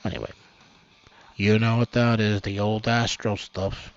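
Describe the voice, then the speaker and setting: A man hosting a homemade news commentary show, rambling, swearing and laughing, with his voice swinging from low mumbles up to loud outbursts. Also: little pitch movement, measured pace, muffled recording, faint music behind. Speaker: host of an amateur online news show.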